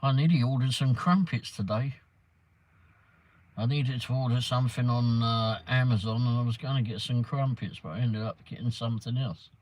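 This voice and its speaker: A man's voice: mid-range voice, moderate pace, a little mellow, poor audio. An English man hosting a casual livestream, rambling as he chats and answers viewers' comments by name. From England. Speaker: livestream host. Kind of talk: casual chat reading live comments. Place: in a car around town.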